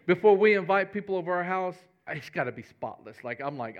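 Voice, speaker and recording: A man's voice: high voice, animated, moderate pace, a bit bright, muffled recording. A man, a pastor giving a folksy, conversational sermon with humor.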